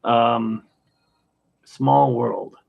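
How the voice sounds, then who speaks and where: A man in his fifties hosting a podcast, rambling through anecdotes in a casual, halting way with many fillers. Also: mid-range voice, vocal fry. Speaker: podcast host. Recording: dull lo-fi sound.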